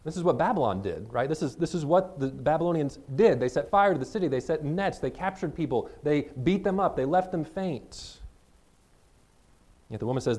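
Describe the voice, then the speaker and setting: A man preaching a sermon, reading scripture verses slowly and then explaining them in plain, conversational words. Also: fairly high pitch, lively intonation, a little mellow. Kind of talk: expository sermon.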